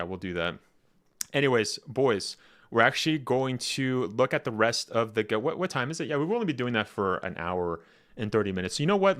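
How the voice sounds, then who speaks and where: A man hosting a casual livestream, rambling and chatty, laughing often and jumping up in pitch when excited. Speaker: livestream host reacting to game footage.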